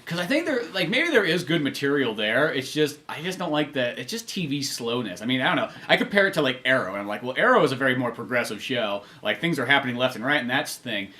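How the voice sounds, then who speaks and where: A man's voice: mid-range voice, very animated, fast, few pauses, sharp tone. A man co-hosting a podcast in casual chat, blunt and swearing freely as he rambles through complaints. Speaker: podcast co-host.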